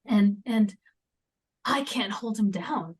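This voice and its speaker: A woman talks as a guest in a relaxed interview. Her voice sits at an ordinary middle pitch. Her speech comes in halting stretches full of ums and restarts, and sometimes it sinks to near-whispers. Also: husky. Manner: halting, with many fillers and restarts; drops into near-whispers at times. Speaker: podcast guest. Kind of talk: conversational interview.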